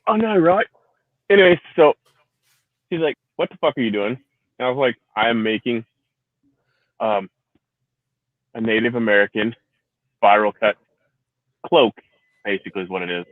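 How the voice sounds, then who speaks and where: A man's voice: mid-range voice, animated, normal speed, long pauses, no echo. A man who is a Marine veteran hosting a casual livestream, rambling and swearing freely, laughing often. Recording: tinny phone-like sound.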